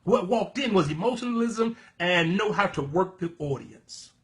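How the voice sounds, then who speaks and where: High-voiced man preaching fervently. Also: expressive, normal speed. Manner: emphatic, fervent, addresses listeners as "baby"; bursts of laughter and loud exclamations. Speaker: preacher and teacher. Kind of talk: sermon-style teaching.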